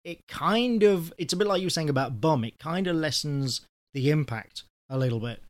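A man's voice: fairly high pitch, animated, normal speed, no echo, studio quality. A man with an English accent chatting casually and explaining his views thoughtfully. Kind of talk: casual chat.

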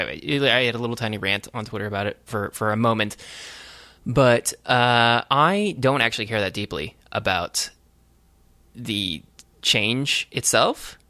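A man hosting a podcast, chatting casually in a halting, sardonic way with many restarts. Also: mid-range voice, pushed and bright, no room sound. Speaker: podcast host. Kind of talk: casual chat.

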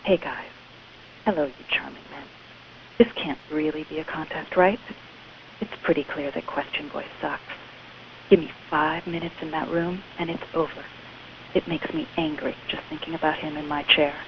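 A woman putting on the voice of a sultry 1960s office redhead, low and hushed, in a muffled phone message. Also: steady tone, moderate pace, gravelly, slight background noise.

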